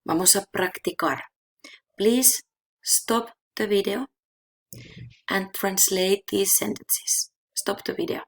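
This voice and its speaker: A woman's voice: medium pitch, vocal fry, slightly rough. A woman teaching a language lesson, explaining grammar rules patiently and checking in with her viewers with frequent "okay?". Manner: slow repeating of example words. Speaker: Spanish teacher.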